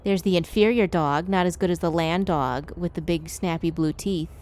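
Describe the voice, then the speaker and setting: A woman's voice: lowish voice, normal speed, darkish tone. A woman streaming herself playing a video game, chatting playfully with her viewers and talking back at the game. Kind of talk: casual gameplay streaming.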